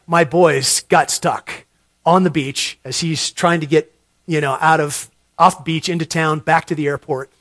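A middle-aged man preaching a sermon, telling a story and repeating words as he builds to loud emphasis. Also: a little high, dry recording. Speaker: pastor.

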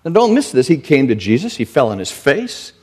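A man preaching a sermon in a slow, deliberate way, his voice climbing high and emphatic on key lines. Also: huge pitch swings, a little mellow, breathy edge. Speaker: pastor.

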